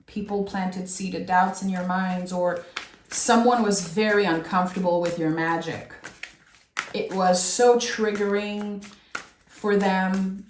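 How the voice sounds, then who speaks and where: A woman giving a soft, heartfelt tarot reading with many pauses, speaking straight to her viewer. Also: mid-range voice, echoey room. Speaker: tarot reader. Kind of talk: emotional tarot reading monologue.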